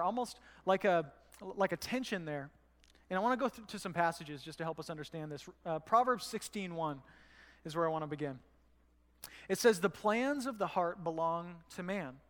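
A male pastor preaching a sermon in a church, conversational and often checking in with the room. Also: high-pitched. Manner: conversational, asks the room "right?". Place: church sanctuary. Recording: church hall with long reverb.

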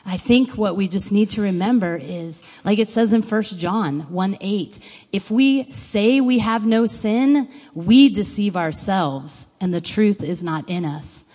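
A woman's voice: mid-range voice, dark tone. A woman giving a sermon, speaking in an earnest, conversational way and reading scripture aloud. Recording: long hall reverb.

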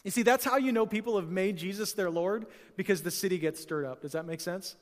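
High-voiced pastor preaching in a reverberant hall. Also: male voice, brisk. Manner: conversational preaching with frequent fillers and repetitions; dynamic, swings from loud excited bursts to quiet earnest lows. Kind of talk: sermon. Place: church sanctuary.

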